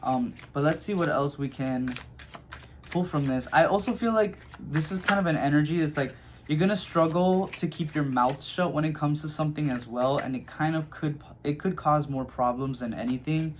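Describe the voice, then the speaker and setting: A man's voice: fairly high pitch, moderate pace, a little hiss or hum. A man giving a casual tarot reading, chatty and loose, full of fillers and "okay?" check-ins. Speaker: tarot reader.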